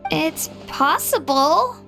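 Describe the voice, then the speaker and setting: High, bright game voice for an earnest young girl fighter, heartfelt and gentle. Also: animated, very slow, vocal fry, soft background music, heavily acted. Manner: sincere, soft-spoken, heartfelt. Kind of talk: video game voice acting. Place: recording studio.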